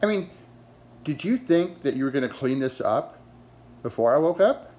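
A man's voice: on the high side, expressive, normal speed, a little mellow. A man scolding his dog in a mock-stern, exasperated, sarcastic way, talking to it like a person.

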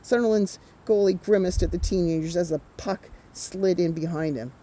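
Warm-toned storytime reader, woman, animated with chatty asides. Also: fairly low pitch, normal speed, low-quality recording. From Canada. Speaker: author reading her picture book. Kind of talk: children's storytime read-aloud.

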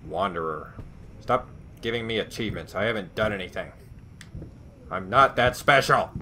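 A man's voice: on the low side, expressive, normal speed, noisy background. A man commentating a horror game as he plays, with profane, snarky reactions. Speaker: gaming video host.

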